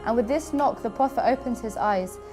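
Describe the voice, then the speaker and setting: High-voiced woman narrating over music. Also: a little fast. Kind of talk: documentary narration. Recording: music bed under voice. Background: background music.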